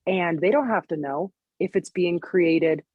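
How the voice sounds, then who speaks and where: A woman in her thirties with a slightly low, dry, close-miked voice, telling her story as a podcast guest. She talks in a loose, chatty way, piling on "like" and "you know". She sounds like a coach describing her own business. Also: breathy edge, no echo, phone-quality sound. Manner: chatty, lots of "like" and "you know", quick laughs. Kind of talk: casual podcast conversation.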